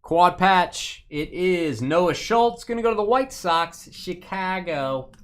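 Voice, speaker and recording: A man's voice: sits high, expressive, slow pace, a bit bright. A man hosting a live trading-card break, calling out cards and playfully teasing viewers by name. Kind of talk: casual live-stream commentary.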